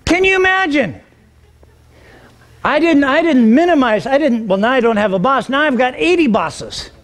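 High-voiced man preaching a story. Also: brisk. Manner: animated, acts out quoted dialogue, repeats words when excited. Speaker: pastor. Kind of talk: sermon storytelling.

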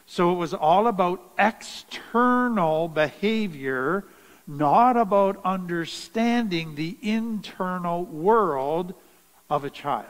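Man, high-pitched voice, unhurried deliberate teaching talk, earnest, long reverb around him. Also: expressive. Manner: slow, deliberate and earnest, with stressed phrases. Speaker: trauma educator.

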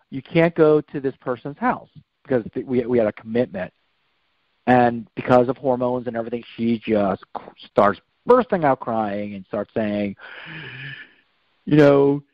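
A middle-aged man talking casually about faith and life as a guest, preachy and animated, leaning on "okay?" and "you know". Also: mid-range voice, no room sound. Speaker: guest speaker. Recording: dull lo-fi dry recording.

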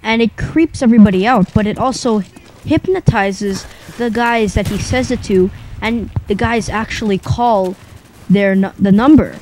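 A young man telling a rambling, improvised comic story in a deadpan way, pausing often. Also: sits high, a little hiss or hum, poor audio. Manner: rambling, deadpan, with long pauses.

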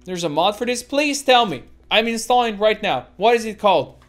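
A woman's voice: medium pitch, expressive, moderate pace, faint music behind. Foul-mouthed woman ranting over gameplay. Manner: swears constantly, rants at the game. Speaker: gameplay streamer. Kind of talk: let's play commentary.

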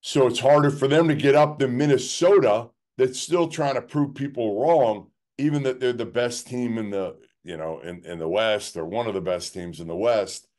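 A man's voice: medium pitch, moderate pace, hardly any pauses, a little mellow. A man co-hosting a sports podcast, talking casually in a rambling way full of "like" and restarts. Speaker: podcast co-host.

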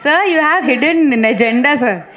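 A woman, a film actress at a press meet, telling lively stories and teasing with many fillers and restarts. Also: high-pitched, normal speed, dull audio, a faint crowd. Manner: teasing, laughs often. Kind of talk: chatty press meet answers.

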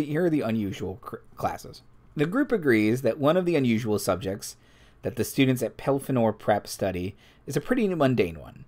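A man hosting a live stream, reading tabletop game rules aloud and adding casual asides to the chat. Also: mid-range voice. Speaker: game master and stream host.

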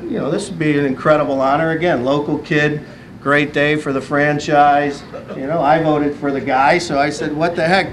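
A man who works in baseball public relations tells an animated story during a banquet speech and acts out the voices of the people he quotes. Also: fairly high pitch, a little hiss or hum, poor audio. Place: banquet hall.

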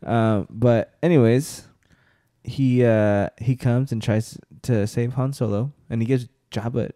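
A man's voice: mid-range voice, steady tone, slow pace, dark tone, no echo, clean studio sound. A man co-hosting a podcast, chatting casually and profanely in a rambling way, laughing often. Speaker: podcast co-host. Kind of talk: casual chat recapping movies.

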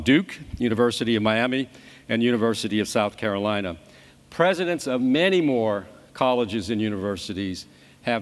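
A man moderating a conference panel, speaking haltingly with many fillers and restarts, originally from New Orleans. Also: mid-range voice. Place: large conference hall. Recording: long hall reverb.

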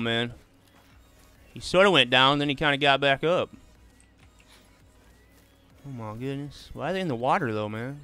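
A man chats casually with his viewers while he plays, easygoing and loose, calling everyone "man." His voice is bright and forceful, clean and smooth, with soft game music underneath. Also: mid-range voice. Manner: laid-back, drawls "man" and "bro" often. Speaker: streamer. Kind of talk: casual live gaming commentary, chatting with viewers.

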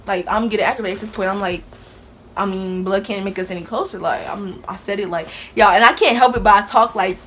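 A young woman tells a story to her viewers, sassy and animated, speaking with plenty of attitude. Her voice sits at an ordinary middle pitch, with a faint hiss in the background. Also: brisk. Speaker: vlogger. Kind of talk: casual storytime.

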